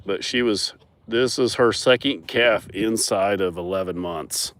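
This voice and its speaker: A young man with a fairly low voice tells his farm story with lively energy and frequent laughs. He talks outdoors on a mountain farm, close to a phone camera. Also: a little slow. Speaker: farmer and animal owner. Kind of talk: casual storytelling vlog.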